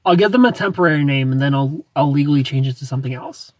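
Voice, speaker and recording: A man's voice: mid-range voice, animated, fast, a little mellow, no echo, far from the mic. A young man hosting a casual livestream, chatting and giggling as he greets viewers by name. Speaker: livestream host. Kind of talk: casual livestream chat reading comments.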